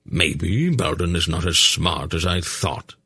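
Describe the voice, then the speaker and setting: A man voicing an ancient, shrewd sorcerer who speaks in a dry, measured way, in an audiobook. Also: sits low, animated, gravelly, pushed and bright, breathy edge, no echo, full character voice. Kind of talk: audiobook character voice.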